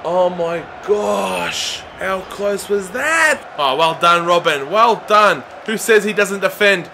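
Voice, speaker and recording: Excitable young man shouting commentary. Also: high-pitched, measured pace, background noise. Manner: excitable, often shouting at players. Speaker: gaming YouTuber. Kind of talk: excited video game commentary.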